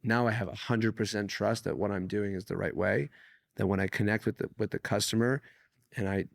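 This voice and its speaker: A man from Canada talks through his stories as a podcast guest. His voice sits low and carries a rough, gravelly grain. He is animated and curses casually, and the dry sound leaves no trace of the room. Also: brisk, no room sound. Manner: animated, swears freely, acts out quoted people. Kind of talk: casual conversational storytelling.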